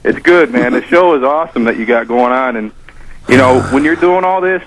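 A man calling in to a talk radio show, speaking haltingly with many fillers and restarts. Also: mid-range voice, no room sound, poor audio. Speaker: caller. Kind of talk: casual phone-in chat.

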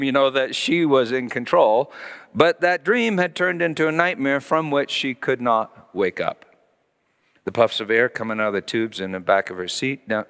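Animated male pastor in a reverberant hall. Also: mid-range voice, clear, resonant tone. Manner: animated storytelling, acting out voices, dropping to hushed tones. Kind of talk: sermon.

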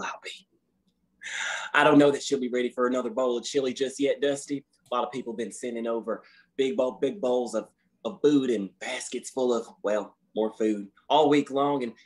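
A man's voice: mid-range voice, moderate pace, close to an everyday voice. A man playing a folksy, fussy office manager on a conference call who keeps tacking "okay?" onto his sentences. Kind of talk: scripted comedy sketch on a conference call.

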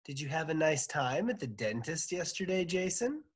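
A man's voice: on the high side, very animated, normal speed, husky, pitched above the performer's own voice. A man voicing a sly, nosy young schoolgirl in a read-aloud storybook.

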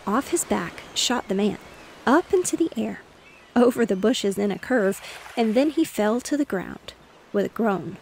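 A woman narrating a bedtime story in a gentle, steady reading voice. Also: mid-range voice, measured pace, gravelly, a little hiss or hum. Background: faint waves.

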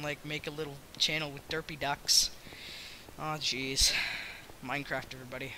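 A young American man rambling and joking through his own Minecraft let's play, yelling in fights. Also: on the high side, flat delivery, normal speed, slight background noise. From United States. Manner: rambling, self-mocking, yells during fights. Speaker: gaming YouTuber.

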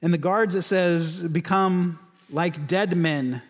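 A man's voice: high voice, fairly even intonation, takes it slowly. A man from California preaching a sermon as pastor, in a conversational way with frequent restarts and repeated words. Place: church sanctuary. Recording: church sanctuary with long reverb.

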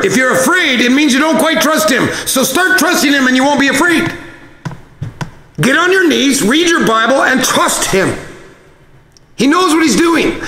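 A male pastor with a strikingly high, bright voice that swoops up and down as he preaches. He drives his points home with force and breaks into shouts now and then. His voice rings through a large hall with long reverb. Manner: emphatic, exhorting, at times shouting. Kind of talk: sermon.

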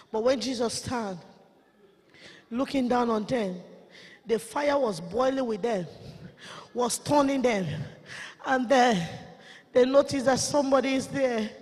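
A woman's voice: fairly high pitch, darkish tone, slightly rough. A woman giving a fervent, tearful sermon testimony at a ministers' conference, in plain, broken phrasing. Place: church conference hall. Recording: long hall reverb.

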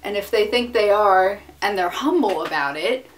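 Young woman vlogger, profane and sarcastic rant, very lively pitch, mic a bit far off. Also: normal speed, hardly any pauses. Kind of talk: casual rant to camera. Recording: distant mic with faint noise.

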